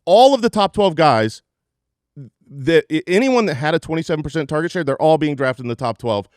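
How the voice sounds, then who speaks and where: A man co-hosting a fantasy football podcast, rattling off stats with energy, jumping high in pitch when excited and laughing often. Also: brisk, no room sound, studio quality. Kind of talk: energetic stat-heavy sports podcast talk. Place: studio, live show.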